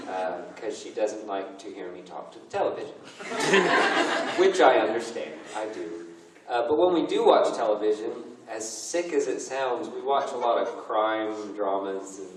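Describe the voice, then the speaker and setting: A man in his thirties, a voice actor answering fan questions at a convention panel, self-deprecating and joking. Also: on the low side. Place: large convention hall. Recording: echoey hall from far off, noisy.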